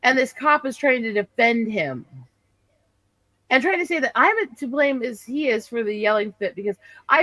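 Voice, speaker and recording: A woman's voice: fairly high pitch, animated, moderate pace, sharp tone, no echo, low-quality recording. Indignant woman host telling a story. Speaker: livestream host. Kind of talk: casual chat.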